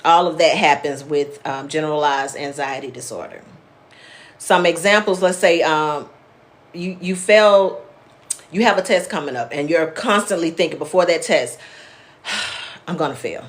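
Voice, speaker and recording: A woman's voice: low-pitched, unhurried, pauses often. A woman therapist hosting a live wellness class, explaining in a plainspoken, conversational way and answering viewers' comments by name. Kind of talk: casual live-stream teaching.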